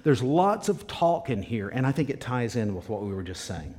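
Male pastor, medium voice, emphatic sermon delivery with soft asides. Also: medium pitch, very animated, normal speed. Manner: emphatic, repeats key words, drops to a whisper at times.

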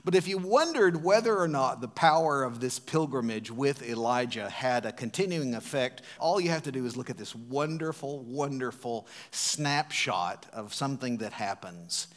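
A man preaching a sermon as a pastor, retelling a scripture story expressively, swinging from loud emphasis to hushed tones. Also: medium pitch, normal speed, hardly any pauses.

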